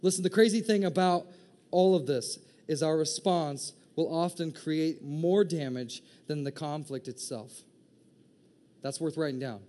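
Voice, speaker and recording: A man preaches a sermon in a lively, joking way, slipping into quick impressions of people in his congregation. His voice sits high for a man, and he pushes it higher when he gets excited. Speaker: pastor.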